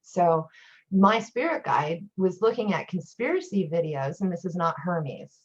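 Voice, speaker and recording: Husky low woman, chatty guest. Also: lively intonation, measured pace. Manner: chatty, rambling storyteller. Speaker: guest teacher, occult priestess. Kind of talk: casual chat. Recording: dull lo-fi recording.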